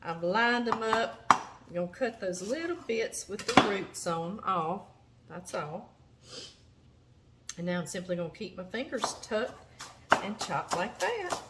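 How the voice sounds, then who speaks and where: A Southern woman with a Louisiana drawl walks viewers through her kitchen prep, chatty and folksy. She talks slowly and easily, at a middling pitch. Chopping and clatter come through clearly behind her voice. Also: big pitch swings, very noisy. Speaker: cooking show host. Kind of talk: cooking demonstration. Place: home kitchen.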